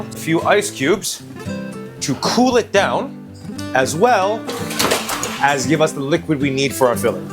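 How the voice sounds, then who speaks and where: A young man from China hosting a casual cooking demonstration, blunt, joking and often profane as he explains each step. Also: medium pitch. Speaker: chef and cooking video host. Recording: music playing underneath.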